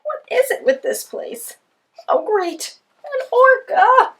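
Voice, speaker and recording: A woman's voice: on the high side, sing-song, takes it slowly, vocal fry, a bit bright, pitched above the performer's own voice, exaggerated voice. Woman doing a whiny grumpy penguin. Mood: grumbling. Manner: whiny, fed-up grumbling. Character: grumpy complaining little penguin. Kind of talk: children's book read-aloud.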